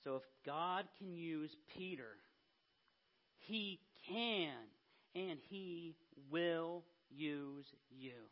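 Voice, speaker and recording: A man's voice: a little high, drawn-out words, lo-fi sound. A man preaching a conversational sermon, acting out Bible figures in everyday speech.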